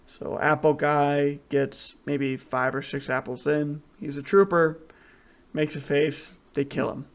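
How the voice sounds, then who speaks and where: A man's voice: a little high, little pitch movement, takes it slowly. A man co-hosting a casual podcast, rambling through crude jokes with lots of restarts. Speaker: podcast co-host. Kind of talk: casual chat, crude joke telling.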